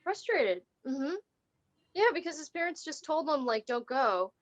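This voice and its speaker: A woman with a somewhat high voice leads a remote art lesson. She reads lines from a picture book and then asks students encouraging questions about the drawings. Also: animated, normal speed, poor audio. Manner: encouraging, questioning students, reading text aloud. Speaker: arts teaching artist. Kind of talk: remote class demonstration, reading a picture book aloud. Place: video call lesson.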